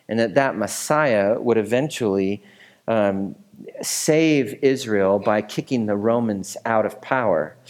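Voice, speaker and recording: A man's voice: on the low side, a little mellow. Casual, conversational male pastor. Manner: casual, conversational teaching with fillers and asides. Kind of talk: sermon.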